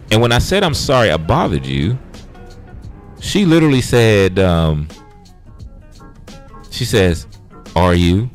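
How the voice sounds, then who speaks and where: A man's voice: sits low, very animated, measured pace, long pauses, faint music behind. A man hosting a casual livestream, bluntly retelling an argument with profanity and quoted back-and-forth. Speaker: livestream host.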